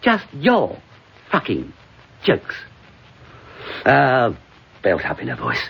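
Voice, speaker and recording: A drunk, self-mocking has-been comedian, played by a man, rambling slowly through a bitter stage monologue. His husky voice swoops wildly up and down in pitch. The recording sounds dull and lo-fi. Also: wildly swooping pitch, full character voice. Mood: sardonic. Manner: rambling, sardonic, swinging from mutters to outbursts.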